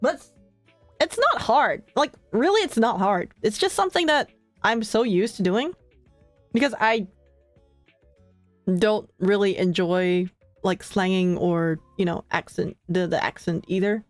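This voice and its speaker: A young woman streamer chatting casually with her viewers, relaxed and full of filler words, often laughing between thoughts. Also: mid-range voice, measured pace, no room sound, soft background music. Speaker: streamer hosting her own channel.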